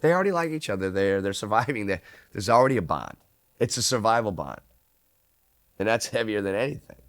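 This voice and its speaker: A man, an actor, recalling film shoots in an animated storytelling way, acting out what people said. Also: on the low side, a little fast, no echo, studio quality. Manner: animated storyteller, acts out quotes.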